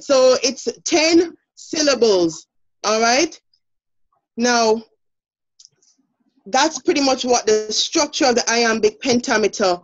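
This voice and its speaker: Woman teacher with a Jamaican accent on a muffled video call; lively and encouraging, a touch high-pitched. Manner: brisk, encouraging, laughs often. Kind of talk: online classroom lesson.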